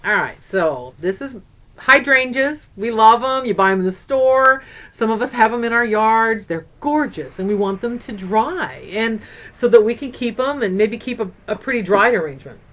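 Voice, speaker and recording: A woman's voice: on the high side, expressive, normal speed, a bit bright. An older woman and grandmother chatting casually in a craft vlog, upbeat and rambling. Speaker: craft vlogger.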